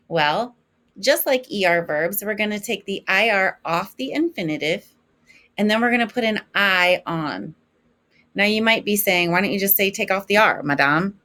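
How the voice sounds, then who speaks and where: A woman teaching a French lesson in English, slowly modeling each French form for her students to repeat. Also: mid-range voice, sharp tone. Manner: slow, clear modeling of French forms for repetition. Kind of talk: recorded classroom lesson.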